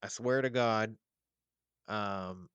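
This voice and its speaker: Male podcast guest, low pitch, loose profane storyteller, dry recording. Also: drawn-out words, clear, resonant tone, dry recording, muffled recording. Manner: animated, profane, rambling with fillers. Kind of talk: casual storytelling.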